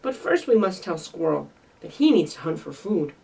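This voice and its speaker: A woman's voice: fairly low pitch, very animated, normal speed, vocal fry, darkish tone, slightly rough, distant mic, voice pushed down, full character voice, rough recording. A woman voicing a sleepy, sad male porcupine who snuffles as he talks.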